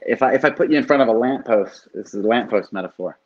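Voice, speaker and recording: On a lo-fi recording, a man speaks at a medium pitch and quick pace, his voice a little mellow. He's a life coach chatting animatedly on a podcast, dropping occasional swears and frequent "right?"s.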